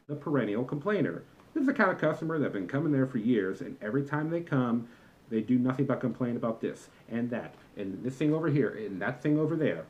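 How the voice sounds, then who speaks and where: A man's voice: mid-range voice, animated, brisk, a little mellow, highs cut off. A young man in a comedic vlog rant about customers, talking in an exasperated, lecturing and emphatic way. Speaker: vlogger, former movie theater employee.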